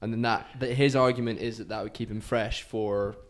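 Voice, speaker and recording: Man telling lively anecdotes in chat. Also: lowish voice, brisk. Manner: animated storyteller, laughs while telling anecdotes. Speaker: podcast co-host. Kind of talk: casual chat.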